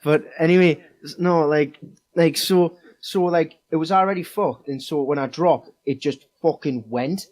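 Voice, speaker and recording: Swearing young Geordie man, higher voice. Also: moderate pace, a little mellow. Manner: rambling, heavy swearing, many fillers. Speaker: podcast co-host. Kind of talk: casual storytelling.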